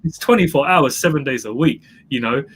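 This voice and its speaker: A man's voice: mid-range voice, a little fast, fairly bright tone, slight background noise. A man who is a guest entrepreneur, telling his story in an emphatic interview style and repeating phrases for effect. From England.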